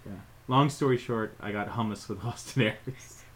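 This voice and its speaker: A man co-hosting a podcast in casual chat. His voice sits somewhat low. He rambles in a laid-back, playful way as he trades jokes. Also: moderate pace, rough recording. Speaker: podcast co-host.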